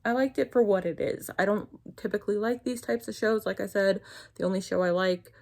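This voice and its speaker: A woman's voice: medium pitch, a little fast, creaky, darkish tone. A young woman with a New Jersey accent, chatting casually and rambling as she reviews shows on her vlog. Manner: rambling, chatty, self-interrupting. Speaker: YouTuber.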